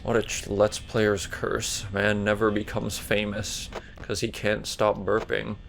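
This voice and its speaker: Gravelly-voiced man chatting through gameplay. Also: completely flat delivery, measured pace, a little hiss or hum. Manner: rambling, jokey, jumps to loud high yelps when startled. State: burpy while talking. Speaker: let's player. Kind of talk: casual gameplay commentary.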